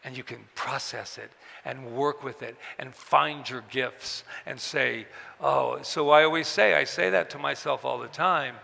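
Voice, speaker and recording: A man telling personal stories to an audience at a book event, halting and repeating words, acting out the voices of people he quotes. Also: medium pitch, gravelly, sharp tone. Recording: long hall reverb.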